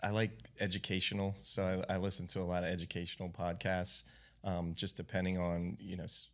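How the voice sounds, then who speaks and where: A man answering interview questions in an earnest, plain-spoken, unhurried way. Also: low-pitched, completely flat delivery. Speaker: guest, racquet sports director.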